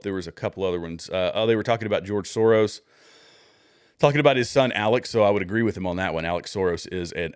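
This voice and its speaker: A man's voice: fairly low pitch, a little mellow, no echo, studio quality. A man giving casual, rambling political commentary on a livestream, thinking aloud with many fillers and restarts as he searches for posts.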